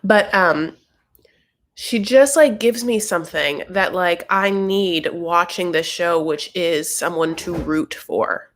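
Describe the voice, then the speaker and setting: A woman's voice: lowish voice, takes it slowly. A woman hosting a casual show recap, talking in a gossipy, profane, ranting way.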